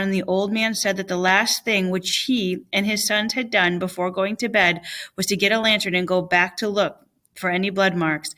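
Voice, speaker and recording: Woman, storybook narration, bright clear voice, measured pace. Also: mid-range voice. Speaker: reader. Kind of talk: storybook read-aloud narration.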